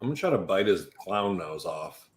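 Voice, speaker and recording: A man's voice: low voice, sing-song, moderate pace. A man playing in a tabletop game, talking hesitantly and jokingly in casual play. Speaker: player. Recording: roomy echo.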